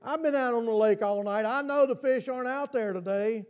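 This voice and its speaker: A man's voice: very high voice, fairly quick, a little mellow. A man preaching who voices a skeptical fisherman in a sarcastic tone.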